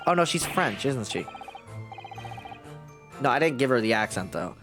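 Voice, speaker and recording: Brief: swearing, joking male streamer, lively up-and-down voice, faint music behind. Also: mid-range voice, moderate pace, pauses often. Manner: crude, joking, swears a lot. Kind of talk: casual game-stream chat.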